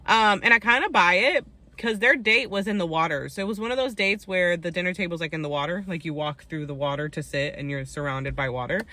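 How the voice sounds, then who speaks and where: A woman's voice: lowish voice, fairly quick, bright, forceful tone. A young woman recapping a reality dating show in a casual chat, full of "like" and "um" fillers, telling the story with plenty of opinion.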